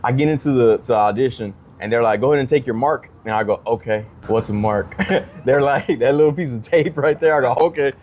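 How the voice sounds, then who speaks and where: A man's voice: medium pitch, fairly quick, slight background noise. A man, a comedian guest on a podcast, telling a story in a casual way and acting out the other people's lines in changed voices. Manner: animated, acts out quoted dialogue in changed voices.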